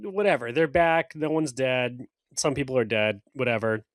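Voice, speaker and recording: A man's voice: mid-range voice, normal speed, dry recording, clean studio sound. A man co-hosting a podcast in casual chat, teasing the others with a quiz and swearing freely. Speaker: podcast co-host.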